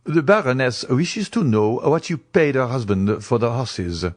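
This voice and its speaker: A man voicing an excitable young society gentleman in an audiobook, speaking emphatically. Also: medium pitch, unhurried, no echo, studio quality, pitched above the performer's own voice. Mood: emphatic.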